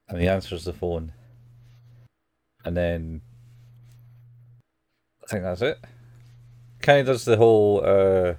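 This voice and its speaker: Low-voiced man chatting casually. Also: a little mellow, no echo. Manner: rambling, acts out characters' lines. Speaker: podcast co-host. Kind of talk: casual chat recapping anime episodes.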